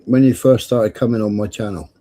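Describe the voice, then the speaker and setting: Man, stream host, low mellow voice, blunt sweary banter. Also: brisk. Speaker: livestream host. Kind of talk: casual livestream chat.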